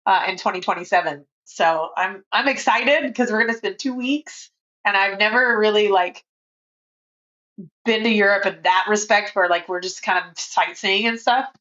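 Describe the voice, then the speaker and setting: A woman's voice: mid-range voice, normal speed, pushed and bright, muffled recording. A woman in her forties, a podcast guest in casual interview chat who talks freely and laughs often.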